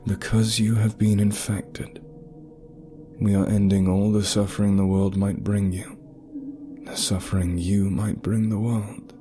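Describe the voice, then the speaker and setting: A man voicing a cold, masked male plague doctor who speaks slowly and calmly. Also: on the low side, faint music behind, lightly acted. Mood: coldly solemn.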